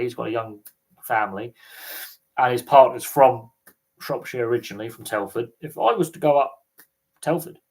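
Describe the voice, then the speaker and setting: A man with a Thames Valley English accent, hosting a casual livestream chat, rambling with lots of fillers and restarts. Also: medium pitch. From England. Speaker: livestream host.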